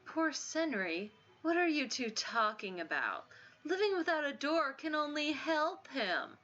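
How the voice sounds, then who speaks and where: A woman voicing a smug, pushy young man who talks in a flat, insincere, matter-of-fact way. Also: high-pitched, a little slow, muffled recording, full character voice.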